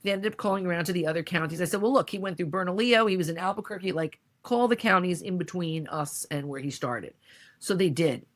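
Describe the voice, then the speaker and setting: A woman's voice: on the low side, quick pace. A middle-aged woman, a podcast guest, telling a personal story with feeling and acting out the voices of others. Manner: animated, acts out quoted voices.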